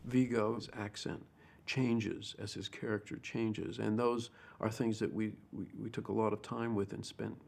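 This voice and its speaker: Brief: low, raspy male director, thoughtful interview talk. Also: little pitch movement, a little slow, hardly any pauses, darkish tone. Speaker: film director. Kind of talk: interview for a featurette.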